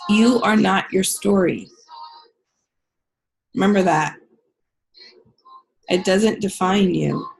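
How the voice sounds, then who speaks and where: A woman's voice: mid-range voice, slow pace, vocal fry, long pauses, low-quality recording. A woman leading a spiritual healing group. She reads out members' comments, affirms them with repeated phrases, then guides a meditation.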